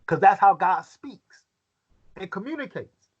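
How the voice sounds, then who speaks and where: A man leading a Bible study, reading scripture aloud and putting questions to his listeners, sometimes halting and repeating words as he thinks. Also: sits high, animated, husky, muffled recording.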